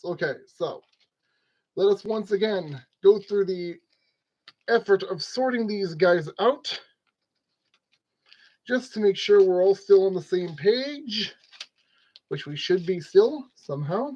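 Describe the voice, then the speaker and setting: A man's voice: high voice, animated, measured pace, pauses often, a little mellow, dull audio. A man narrating a model kit build in a casual, rambling way, scolding his tools and joking at his own expense. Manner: rambling, talks to objects, self-deprecating.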